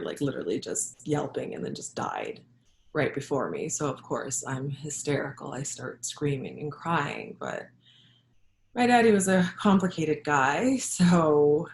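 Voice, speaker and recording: Low gravelly-voiced woman telling a story. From Jamaica. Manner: reflective, halting, with soft laughs. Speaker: holistic health practitioner and yoga instructor. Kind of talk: personal storytelling. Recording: echoey room.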